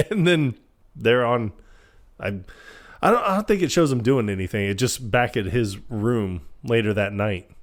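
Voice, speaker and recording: A man's voice: mid-range voice, normal speed. A man co-hosting a podcast, retelling a film in casual chat and acting out the characters' lines. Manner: animated, acts out quoted lines in changing voices. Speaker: podcast co-host.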